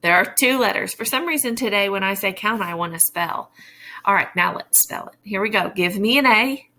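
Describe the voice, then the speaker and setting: A woman teacher giving a phonics lesson to young children, sounding out letters slowly and clearly. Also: medium pitch, pushed and bright. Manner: slow, exaggerated sounding-out of letters.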